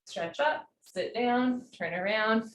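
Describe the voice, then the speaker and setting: Yoga teacher lady, calm encouraging cues, kinda echoey home room. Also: a little high, takes it slowly, slight background noise. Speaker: yoga instructor. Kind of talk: live-streamed yoga class instruction. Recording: roomy home recording.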